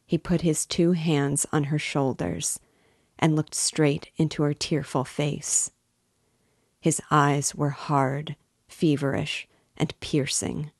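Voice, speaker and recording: A woman reading a classic novel aloud in a measured, expressive way. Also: low voice, breathy edge, dry recording, clean studio sound. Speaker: reader and guide of a book series.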